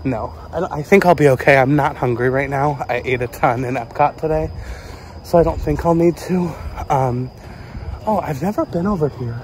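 A man's voice: a little high, normal speed, a little hiss or hum. A man vlogging casually on a resort trip, rambling with lots of fillers as he walks around and then settles in his hotel room. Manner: chatty, rambling, many fillers. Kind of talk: casual vlog narration.

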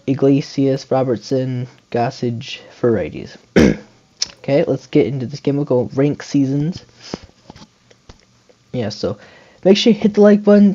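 A young man talks through his baseball video game at an unhurried pace, muttering the plays to himself. His voice is warm and mellow, and the recording sounds dull and lo-fi, like a basic home mic. He jumps into loud excited whoops when something big happens. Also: mid-range voice. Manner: muttering play-by-play with sudden excited shouts. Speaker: gaming channel host. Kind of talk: casual gameplay commentary.

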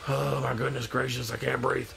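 A man's voice: medium pitch, little pitch movement, moderate pace, creaky. A man with a stuffy nose hosting a casual live stream, joking and rambling as he reads out viewer comments. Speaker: live-stream host in demon costume.

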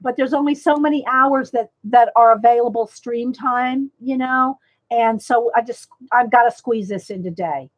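A woman's voice: fairly high pitch, moderate pace. A woman hosting a casual livestream, rambling along and greeting viewers by name. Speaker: livestream host. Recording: slightly dull lo-fi sound.

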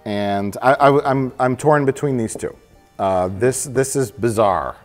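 A man's voice: mid-range voice, unhurried, faint music behind. A man co-hosting a comedic review panel, rambling and stammering as he jokes. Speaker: co-host of a movie review show. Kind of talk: casual comedic panel chat.

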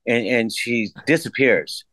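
A man telling a story as a podcast guest in a casual, laid-back way, swearing freely and jumping his pitch up to act out the voices of people he quotes. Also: unhurried, a bit bright, dry recording. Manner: acts out quoted voices with big pitch jumps.

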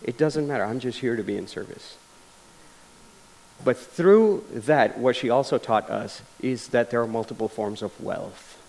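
A man speaks to an audience in a lecture hall, earnest and conversational as he tells stories. He restarts his sentences often and leans on fillers, at a middling pitch. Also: lively intonation, measured pace, darkish tone. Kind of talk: public lecture.

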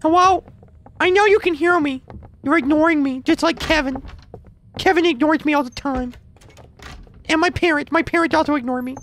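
A man's voice: moderate pace, pauses often, a bit bright, slight background noise. A man putting on the voice of a lonely, needy eight-year-old boy, trolling strangers over voice chat. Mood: whiny. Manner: high childish pleading, needy and pestering.

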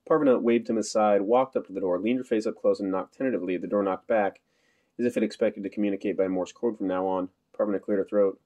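Fast-talking low-voiced male narrator. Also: fairly even intonation, warm tone. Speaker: audiobook narrator. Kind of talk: scripted narration.

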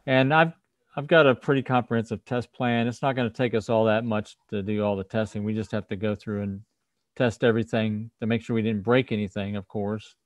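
Low-voiced man explaining firmware plans. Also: level tone, fairly quick, no room sound. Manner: explanatory, restarts sentences. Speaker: host, firmware developer. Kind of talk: casual livestream tech talk.

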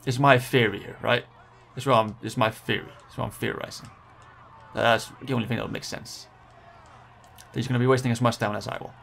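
An excitable young man talking through his gameplay live as it unfolds. He pleads with rivals, groans at setbacks and cheers his riders on in a casual, unscripted way. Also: medium pitch, a little fast, gravelly, slight background noise. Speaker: gaming channel host.

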